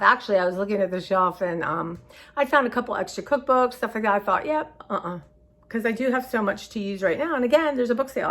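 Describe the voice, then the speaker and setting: A woman's voice: medium pitch, fairly bright tone. A woman vlogging in a casual, rambling way, chatty and scattered, sounding tired and emotional. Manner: scattered, chatty, says y'all often. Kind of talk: casual rambling chat to viewers.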